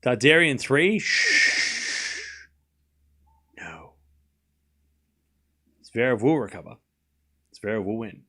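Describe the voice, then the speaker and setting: A man's voice: medium pitch, big pitch swings, takes it slowly, pauses often, pushed and bright. A man streaming live tennis commentary, mixing play-by-play with sarcastic, rambling banter and chuckles. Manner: sarcastic, rambling, laughs at his own jokes. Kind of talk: casual live watchalong commentary.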